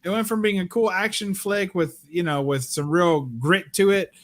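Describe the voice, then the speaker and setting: A man's voice: high voice, moderate pace, a bit bright. A man chatting casually on a livestream, blunt and profane as he airs his opinions. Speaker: livestream co-host. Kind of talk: casual chat.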